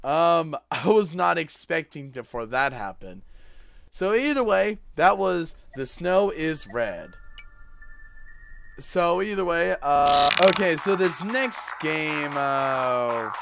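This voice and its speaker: A man's voice: fairly high pitch, big pitch swings, takes it slowly, creaky, a bit bright. A young man casually commenting while he plays a horror game and reads its lines aloud, with game music behind him. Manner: reads game dialogue aloud, hesitant and chatty. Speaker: gaming YouTuber. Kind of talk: casual let's-play commentary.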